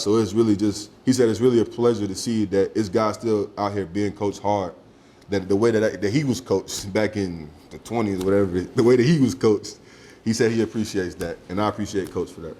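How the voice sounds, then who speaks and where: A young man, a high school football recruit, talking casually in an interview, laid-back and quick to laugh. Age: young adult. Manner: relaxed, laughs easily, drawling slang.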